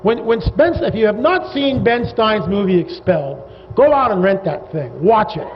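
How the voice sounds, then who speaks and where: Animated man, high voice, lecturing a crowd in a big reverberant hall, sarcastic and rambling. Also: normal speed. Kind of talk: lecture to a live audience. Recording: dull reverberant hall recording with faint noise.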